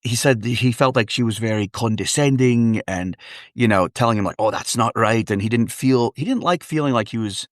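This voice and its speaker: Lively male dialect coach from Wisconsin, comic raconteur, medium voice. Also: mid-range voice, a little fast, no echo, studio quality. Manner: animated, comic storyteller, fond of voices. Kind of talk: casual interview storytelling.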